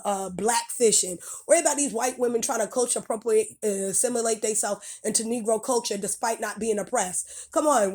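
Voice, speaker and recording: A woman's voice: a little high, a little mellow. A woman in a video reaction, ranting bluntly and profanely and hammering her points with repetition. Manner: blunt, profane, emphatic, repeats phrases. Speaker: video creator reacting to clips. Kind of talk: heated reaction rant.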